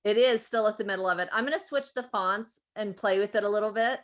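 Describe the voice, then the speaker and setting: A woman's voice: medium pitch, fast. A woman in a casual video-call chat, playful and chatty, thinking aloud as she edits. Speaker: participant editing a shared word image.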